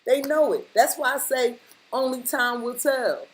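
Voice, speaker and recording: A woman's voice: sits high, a little slow, poor audio. A woman reading tarot cards straight to the viewer in a casual, blunt way, repeating her points for emphasis. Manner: emphatic, repeats lines for stress, blunt slang. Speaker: tarot reader.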